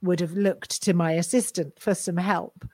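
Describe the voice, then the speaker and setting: A woman's voice: fairly low pitch, fairly even intonation, normal speed, darkish tone, slightly rough, no room sound. A woman co-hosting a podcast in casual chat, agreeing often with lots of yeahs. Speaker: podcast co-host.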